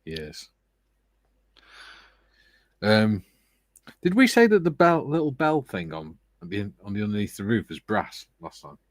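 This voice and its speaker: A man co-hosting a relaxed livestream, chatting and joking as he builds a scale model. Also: fairly low pitch, a little slow, long pauses, dry recording. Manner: chatty, joking, reads viewer comments aloud. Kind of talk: relaxed casual chat.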